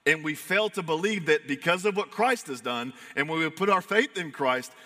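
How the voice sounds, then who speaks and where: Bright-voiced preacher man in a hall. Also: fairly high pitch, animated, normal speed. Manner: earnest, emphatic, shifts between fired-up and hushed. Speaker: pastor. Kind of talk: sermon.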